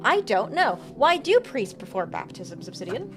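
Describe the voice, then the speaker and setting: A woman's voice: fairly high pitch, very animated, normal speed, over music. A young woman streaming a game live, chatting and joking with her viewers and reading tarot cards aloud. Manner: giggly, jokey, reads chat and tarot cards aloud. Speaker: VTuber streamer.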